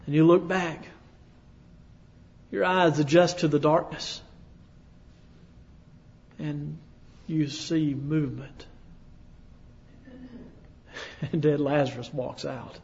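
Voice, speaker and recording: A male preacher telling a sermon as dramatic second-person storytelling, dropping to a hush and rising to loud declarations. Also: a little high, fairly even intonation, drawn-out words, vocal fry, long pauses. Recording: echoey hall, dull lo-fi sound.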